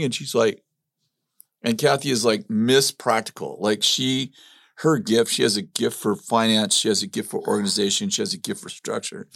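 A man's voice: mid-range voice, fairly even intonation, moderate pace, vocal fry, fairly bright tone, no echo, studio quality. A middle-aged man telling a personal story in a casual chat, animatedly acting out quotes with many restarts. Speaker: ministry leader telling his story.

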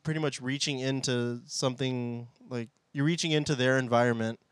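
A man with a mid-pitched, clear voice talks slowly through his thoughts with many fillers. His voice sounds close and dry. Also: steady tone, dry recording. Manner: hesitant, many fillers, musing. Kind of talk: casual podcast chat.

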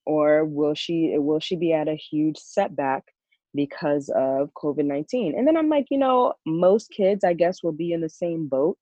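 A woman, a working parent, talking in a casual chat in a reflective, worried way, with many halting restarts. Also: sits low, expressive, warm tone, no echo, muffled recording. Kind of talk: casual podcast conversation.

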